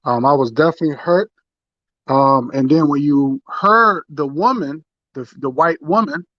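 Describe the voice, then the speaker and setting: A man's voice: a little high, fairly bright tone, no room sound, dull audio. A man giving impassioned political commentary as a talk radio panelist, emphatic and indignant, stumbling over repeated words.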